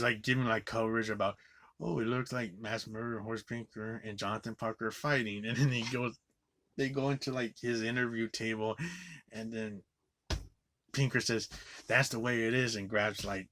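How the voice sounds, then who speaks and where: A man's voice: on the low side, bright, forceful tone. A man giving a loose, rambling movie recap, swearing casually as he goes. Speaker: movie reviewer.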